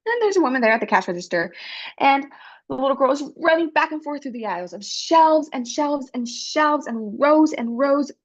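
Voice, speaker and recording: Woman voicing a panelist's story: expressive, animated, fairly high. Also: dull audio. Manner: animated, expressive, breaks into character voices. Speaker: sign language interpreter voicing a panelist.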